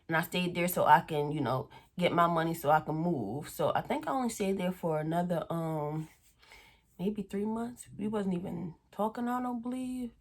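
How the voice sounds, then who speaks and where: Ya girl telling a storytime, low-ish voice, swears a lot, super casual. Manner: blunt, profane, chatty storytelling. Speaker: vlogger.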